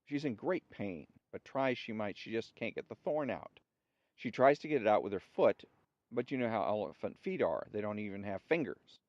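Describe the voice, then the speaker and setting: A man's voice: on the low side, normal speed, no room sound. Man reading jokes aloud, dull dry sound. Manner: relaxed storytelling, acts out the characters' lines. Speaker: host.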